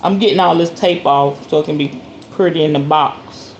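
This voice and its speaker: Chatty excitable woman hosting a spiritual show. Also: sits low, moderate pace, muffled recording, a little hiss or hum. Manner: chatty and animated, calls viewers "y'all" and "honey"; excitable storyteller, acts out shop talk. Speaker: spiritual channel host. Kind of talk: casual chat to viewers while unboxing.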